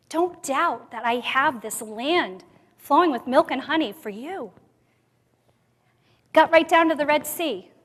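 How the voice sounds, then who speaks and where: Speaking at a women's conference, a woman with a fairly high voice preaches a sermon that blends personal testimony and scripture. Her expressive delivery swings from near-whispers to emphatic bursts, soft to loud. The long reverb of a church sanctuary rings around her voice.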